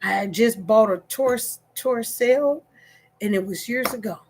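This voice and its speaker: A woman telling a story to her livestream viewers in an animated way, repeating phrases and checking in with them. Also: fairly high pitch, a little slow, slight background noise. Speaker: online storyteller.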